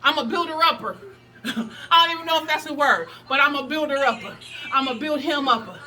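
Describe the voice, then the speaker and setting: Sassy high-voiced woman preaching self-love. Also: fairly quick, pushed and bright. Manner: sassy, preachy, emphatic, laughs often. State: out of breath. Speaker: plus-size fitness vlogger. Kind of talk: motivational workout vlog. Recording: distant mic with music behind.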